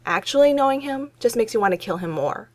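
A woman's voice: a little high, lively intonation, fairly quick, no room sound, pitched above the performer's own voice, natural voice. A woman voicing a tipsy, starstruck woman. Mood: eager. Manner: eager, gushing. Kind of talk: reading fan fiction aloud.

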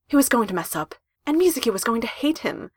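Expressive lady reading a story, lively bouncy delivery, dry close mic. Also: a little high, fast talker, husky, no echo. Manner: expressive, with emphatic rises. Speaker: narrator.

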